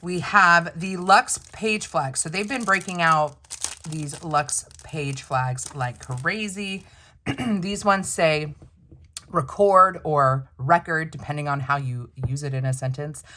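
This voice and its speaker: Low-voiced chatty woman unboxing. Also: takes it slowly, bright, forceful tone. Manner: chatty, thinks aloud, self-questioning asides. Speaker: planner unboxing vlogger. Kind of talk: casual unboxing chat to camera.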